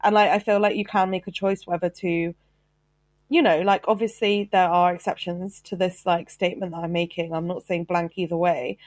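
A woman's voice: fairly low pitch, little pitch movement, moderate pace, darkish tone, no echo. Dry-sounding woman arguing her point. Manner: argumentative, pressing her point. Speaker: podcast co-host. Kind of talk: casual chat.

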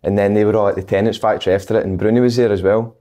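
Low-voiced man reminiscing. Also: steady tone, racing, mellow. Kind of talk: casual storytelling.

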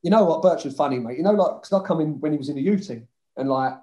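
Quick, warm, and fairly high-pitched with lively intonation, this man is a former footballer guest in a casual chat. He tells rowdy stories from his playing days, swearing freely, laughing often, and mimicking others.

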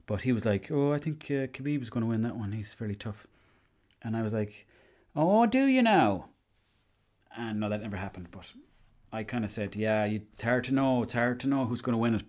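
With a lowish, darkish voice, a young podcast host from Ireland spins a long, meandering story. He swears freely and drops into quoted asides throughout this casual monologue.

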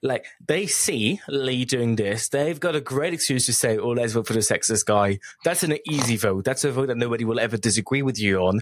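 A man's voice: medium pitch, brisk, hardly any pauses, dry recording. A man co-hosting a casual reality TV review podcast, giving opinionated, ranting critiques. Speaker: podcast co-host.

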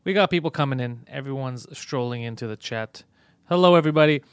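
A man hosts a comedy live stream in a joking, emphatic way, reading viewer names and riffing on the news. His voice is mid-pitched and sits dry and close, with no room sound. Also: fast talker, clear, resonant tone, dry recording. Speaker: host.

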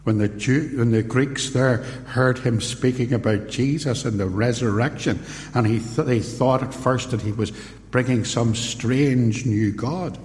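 A man preaching a sermon, telling the story slowly and acting out the quoted voices. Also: mid-range voice, a little mellow, a little hiss or hum. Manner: slow, deliberate storytelling with acted-out quotes. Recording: roomy hall with long reverb.

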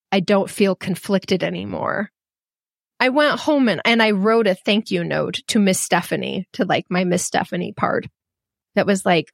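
A woman's voice: mid-range voice, normal speed, vocal fry, dry recording, studio quality. A middle-aged woman telling a personal story as a podcast guest, earnest and reflective, with many "like" fillers. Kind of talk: candid storytelling.

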